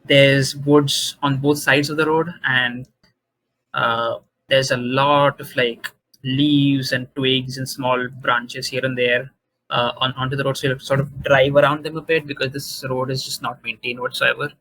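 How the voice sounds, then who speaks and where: A man narrating as game master in a tabletop role-playing game, halting with many fillers and restarts. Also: medium pitch, flat delivery, bright, forceful tone, rough recording.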